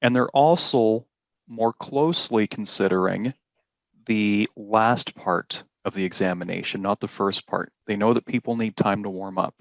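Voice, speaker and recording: Male language teacher in a classroom, deep-ish voice, measured delivery that leans on key words, dry slightly muffled sound. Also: creaky, no echo. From Canada. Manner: slow, deliberate explaining with emphasis on key words. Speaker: IELTS teacher. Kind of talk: classroom lesson.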